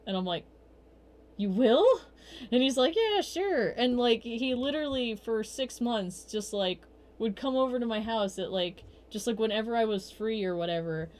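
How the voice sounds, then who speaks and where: A young woman hosting a livestream, telling rambling personal stories in a casual chat full of fillers, restarts and quick quoted asides. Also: a little mellow. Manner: quotes herself in bursts of higher voice. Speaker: livestream host.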